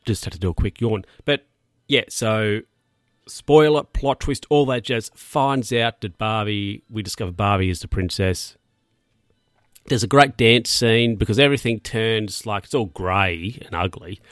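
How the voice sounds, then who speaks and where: A man's voice: fairly low pitch, a little slow, no room sound, studio quality. A man casually recapping a film plot in a rambling, jokey way, with crude asides and lots of restarts. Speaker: film reviewer.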